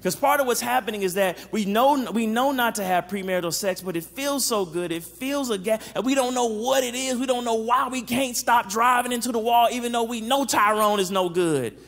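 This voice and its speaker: Male psychologist, high-pitched, lively faith-based teaching talk with audience check-ins, long hall reverb. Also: a little fast, vocal fry, hardly any pauses. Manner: animated, checks in with the audience, acts out quotes.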